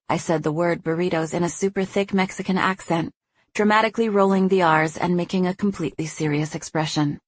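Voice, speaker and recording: A woman reading a first-person romance audiobook, narrating smoothly and giving the heroine's lines a lively, playful voice. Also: lowish voice, fairly quick, dry recording.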